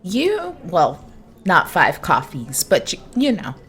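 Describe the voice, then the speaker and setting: A woman's voice: on the low side, huge pitch swings, slow, a bit bright, breathy edge. A woman narrating a tabletop game as game master, playful and laughing as she corrects herself.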